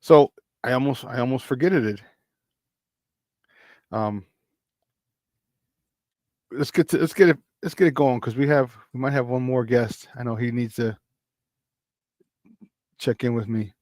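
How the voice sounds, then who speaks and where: A man hosting sports talk at an easy middle pitch. He rambles excitedly and laughs often. The sound is dry and close to the mic. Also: measured pace, long pauses, dry recording. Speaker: sports talk show host.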